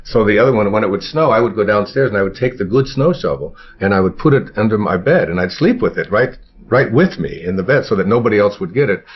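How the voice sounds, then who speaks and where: Low husky older man reminiscing. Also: expressive. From Michigan, USA. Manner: halting, many fillers and restarts. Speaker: interviewee, self-help author. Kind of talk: reflective storytelling. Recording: dull lo-fi interview recording.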